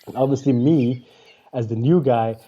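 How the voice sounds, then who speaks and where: A man recounting a stand-up gig as a guest, full of fillers and restarts. His voice sits in a middle pitch and comes through a dull, lo-fi remote connection. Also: normal speed. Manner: animated storyteller with frequent fillers and restarts. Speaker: guest comedian. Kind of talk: casual interview storytelling. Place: remote call during lockdown.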